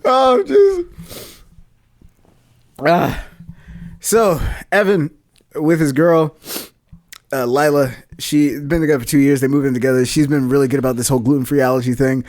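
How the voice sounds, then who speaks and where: A podcast co-host in casual chat, retelling a listener's story in an animated, playful way. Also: mid-range voice, fairly quick.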